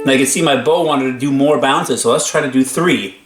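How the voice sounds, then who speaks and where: An upbeat man teaches bowing in an instrument lesson, speaking at a middling pitch between bursts of violin. He counts aloud while he plays. The room is echoey, and the violin stays loud behind him. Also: a little fast, few pauses, loud music behind the voice. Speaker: string teacher. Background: violin playing.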